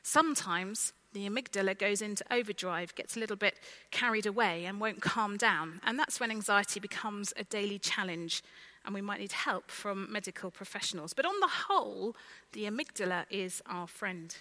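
A woman's voice: medium pitch, normal speed, hardly any pauses, low-quality recording. A woman preaching a conversational sermon and asking the congregation direct questions. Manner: conversational, lively, asks the listeners direct questions.

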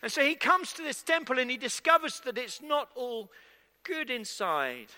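At a moderate pace, a man with an extremely high, sing-song, sharp voice delivers a sermon. He chats with the congregation and questions them directly, heard in a hall with long, echoing reverb.

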